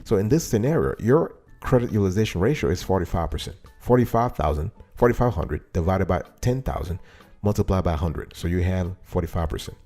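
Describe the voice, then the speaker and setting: Man hosting his own show. Low, warm delivery, talks straight to his audience, repeats points for emphasis. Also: expressive, brisk, soft background music. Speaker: host. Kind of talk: casual talk-show monologue.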